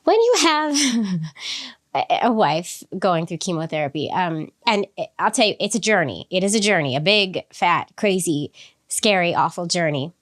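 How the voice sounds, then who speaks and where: A woman's voice: fairly low pitch, moderate pace. Upbeat woman podcast host with a cold. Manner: upbeat, chatty, laughs often. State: has a cold. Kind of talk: casual podcast intro.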